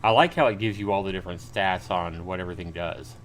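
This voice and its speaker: Talking at a quick pace in a fairly low, fairly bright voice, a man commentates live on his own gameplay. He reads the on-screen text out loud and throws casual exclamations and comments at his viewers, while a faint hiss lingers in the background.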